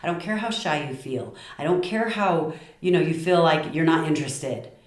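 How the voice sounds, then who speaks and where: A middle-aged woman giving tips on communication, passionate and lively, acting out short quoted lines. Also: low-pitched, moderate pace, reverberant. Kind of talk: talk to camera.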